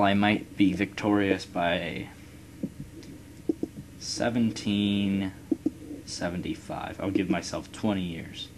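Deep-voiced man rambling over gameplay. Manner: rambling, profane, musing aloud. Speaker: let's play gamer. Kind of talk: casual gameplay commentary. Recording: loud background noise.

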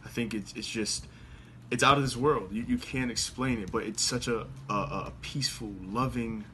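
A man, a youth leader, speaking in a soft, heartfelt way as he searches for words. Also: medium pitch, moderate pace, slight background noise.

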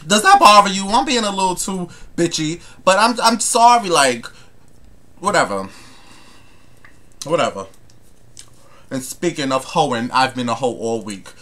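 A man's voice: on the high side, expressive, unhurried, long pauses, a bit bright. A young man, ranting to camera in a sassy, profane, emphatic way. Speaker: vlogger. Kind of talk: casual rant to camera.

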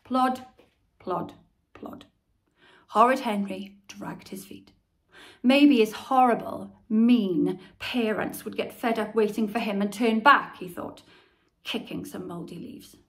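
A woman reading a children's story aloud expressively as the channel's storyteller. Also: mid-range voice. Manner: expressive, slow.

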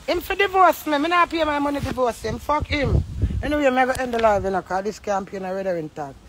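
A woman's voice: high voice, gravelly, a bit bright, a little hiss or hum. A Jamaican woman ranting angrily on a phone livestream, heated, profane and accusing. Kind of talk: angry livestream rant.

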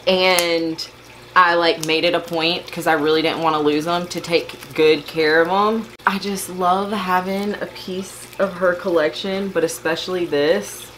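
Slow-talking emotional woman vlogger. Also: on the low side, steady tone, a bit bright, a little hiss or hum, rough recording. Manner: gushing, overwhelmed and emotional. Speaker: plant vlogger. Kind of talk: casual unboxing vlog.

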